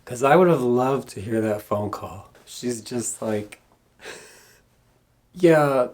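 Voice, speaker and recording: A man's voice: medium pitch, measured pace, darkish tone. A man recapping a horror film scene by scene in a dry, sarcastic comedic review. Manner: dry, sarcastic plot retelling. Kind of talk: comedic movie recap narration.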